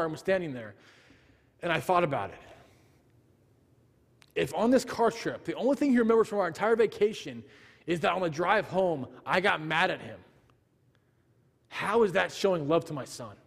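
A man's voice: high voice, long reverb tail. A man in his thirties preaching a sermon, earnestly telling a family story and acting out the dialogue.

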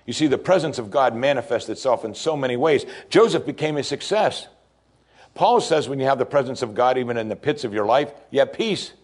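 A male pastor delivering a sermon, preaching emphatically with pitch that climbs and falls. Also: expressive, a little fast.

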